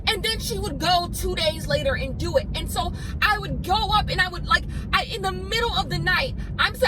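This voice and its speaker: Young woman venting in a storytime vlog, pretty high voice, rambly, noisy traffic behind her. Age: 20s. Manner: rambling, repetitive, emotional, many fillers. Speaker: vlogger telling a story.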